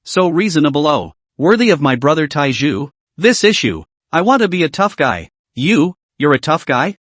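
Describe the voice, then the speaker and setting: A man's voice: fairly high pitch, sing-song, normal speed, fairly bright tone, no echo. A man reading a scripted story recap, voicing every character in the same plain narrating voice.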